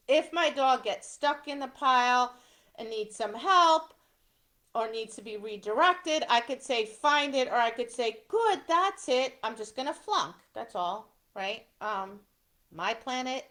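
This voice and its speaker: A woman's voice: on the high side, fairly bright tone. A middle-aged woman explaining dog obedience trial steps in a conversational teaching style, often checking in with "right?". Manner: conversational, tags points with "right?". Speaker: dog sports instructor. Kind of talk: instructional talk.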